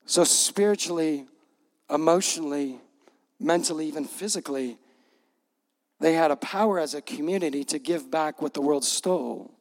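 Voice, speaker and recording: A man's voice: on the high side, moderate pace, pauses often. A middle-aged male pastor giving a conversational, emphatic sermon with repeated punch lines. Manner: gets choked up, laughing through emotion.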